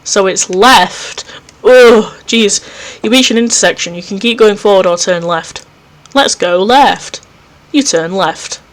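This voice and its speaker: Male let's play host, reads horror game narration aloud, easily spooked, quick self-mocking asides. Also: high-pitched, a bit bright. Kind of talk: reading a visual novel aloud with commentary. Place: home recording setup.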